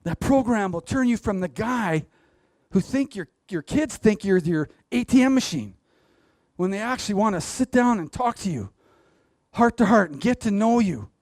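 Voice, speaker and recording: A man's voice: sits high, very animated, normal speed, a little mellow, dry recording, clean studio sound. A man giving a motivational stage talk, speaking straight to the audience and laughing at his own jokes. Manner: addresses the audience directly. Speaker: public speaker.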